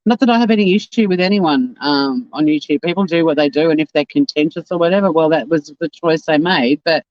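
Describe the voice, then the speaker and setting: A woman's voice: deep voice, brisk, a little mellow, dry recording, dull audio. An Australian woman with a South Australian accent hosting a casual livestream, rambling bluntly and swearing as she reads out comments. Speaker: YouTube livestream host.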